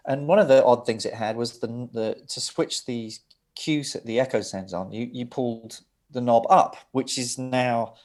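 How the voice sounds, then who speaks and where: A man's voice: mid-range voice, normal speed. Man telling studio stories. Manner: lively, laughing, with restarts and asides. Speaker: guest, record producer. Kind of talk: anecdotal interview storytelling.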